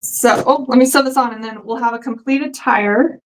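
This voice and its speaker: A woman's voice: fairly high pitch, moderate pace, poor audio. A woman hosting a live quilting sewalong, chatting casually and rambling with fillers while she sews at her machine. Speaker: quilting host sewing along live. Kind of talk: casual live-stream chat while sewing.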